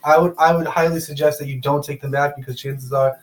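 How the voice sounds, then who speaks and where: A man's voice: a little high, steady tone, fairly quick. A young man hosting a casual talk show, loose and rambling, laughing often. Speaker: podcast host. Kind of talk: casual chat.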